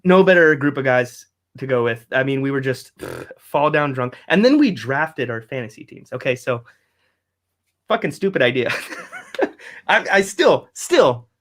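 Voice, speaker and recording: A man's voice: mid-range voice, big pitch swings, a little slow. A man, hosting a casual live-stream podcast, rambling, cursing and laughing often as he reads out viewer comments. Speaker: podcast host.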